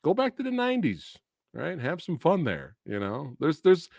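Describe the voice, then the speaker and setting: A man's voice: a little high, wildly swooping pitch, moderate pace, creaky, darkish tone. A man hosting a casual movie review stream. He rants with a lot of swearing and laughs often. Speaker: host of a movie review channel.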